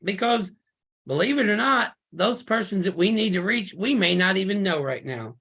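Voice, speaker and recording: A man preaching a fiery, emphatic sermon over a video call, full of rhetorical questions and sudden loud bursts. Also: high voice, expressive, moderate pace, vocal fry, breathy edge.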